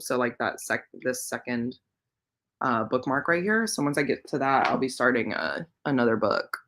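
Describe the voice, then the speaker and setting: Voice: mid-range voice, a bit bright. A readathon livestream host chatting casually and playfully between reading sprints, with slangy, offhand phrasing. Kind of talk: casual chat while reading.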